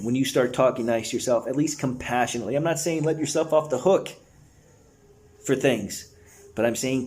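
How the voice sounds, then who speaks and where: A man's voice: medium pitch, warm tone. A man leading a guided breathwork session, earnest and encouraging, talking in a casual, slangy way to his listeners. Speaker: breathwork facilitator.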